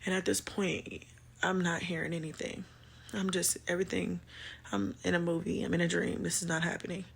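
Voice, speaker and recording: A woman vlogger telling a personal story to her viewers, halting with many pauses and fillers, shaken and emotional. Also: lowish voice, little pitch movement, gravelly, slightly rough.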